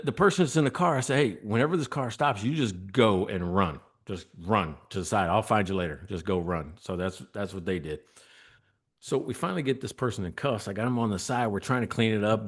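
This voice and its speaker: Low-voiced male guest, animated storyteller who often laughs. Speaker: guest, former state trooper. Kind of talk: storytelling in a podcast interview.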